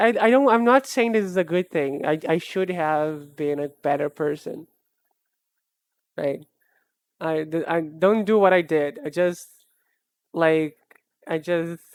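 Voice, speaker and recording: Art streamer, casual chat, rambling, self-deprecating, smooth clear voice, dry sound. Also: medium pitch, no echo. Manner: rambling and self-deprecating, with frequent laughs and restarts. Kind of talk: casual live-stream chat while drawing.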